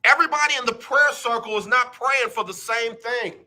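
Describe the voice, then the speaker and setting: A man hosting a live radio talk show, animated and joking as he teases his listeners. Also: very high-pitched, a little fast. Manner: animated, joking, playful teasing. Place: radio studio.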